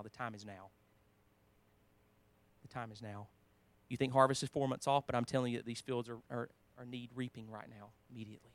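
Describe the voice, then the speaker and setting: The recording is dry as a man with a medium-pitched voice preaches in a conversational style. He quotes scripture, restarts himself now and then, and alternates emphatic statements with quieter asides.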